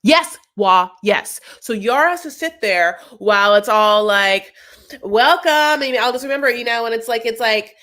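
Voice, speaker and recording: A woman's voice: mid-range voice, a little slow, few pauses, pushed and bright. A woman hosting a casual chat, rambling through a recap with lots of fillers and acted-out quotes. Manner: rambling, filler-heavy, acts out quotes in funny voices. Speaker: host.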